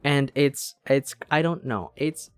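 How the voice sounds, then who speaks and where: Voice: mid-range voice, slow pace, smooth, dry recording, faint music behind. A streamer in casual game-stream chat, rambling, swearing and cutting themselves off mid-thought. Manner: rambling, profane, self-interrupting.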